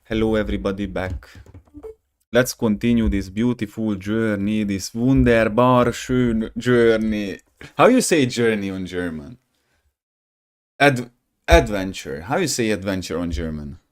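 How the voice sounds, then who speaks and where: Rambling young man streaming, slightly low voice. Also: expressive, moderate pace. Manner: rambling, jokey, says "bro" a lot, bursts of laughter. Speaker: gaming streamer. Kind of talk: casual live-stream chat.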